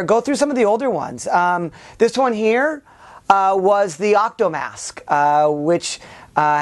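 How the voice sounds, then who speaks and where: A man hosting his own channel, giving a casual year-end vlog to his viewers. He rambles and hesitates with lots of filler sounds and restarts, and sounds warm and grateful. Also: a little high. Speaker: YouTube channel host.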